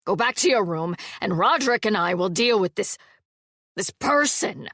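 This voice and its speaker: A woman's voice: medium pitch, animated, moderate pace, a bit bright, dry recording, studio quality. A woman reading an audiobook and voicing a pompous, cowardly young male cousin who blusters. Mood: blustering.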